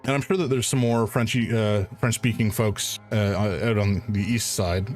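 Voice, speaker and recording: A man from Canada rambles through a live game playthrough, chatty and full of fillers and asides. His voice sits fairly low, and faint game music runs under his talk. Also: fairly even intonation, moderate pace, darkish tone. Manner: rambling, chatty, laughs often, many fillers. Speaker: gaming streamer.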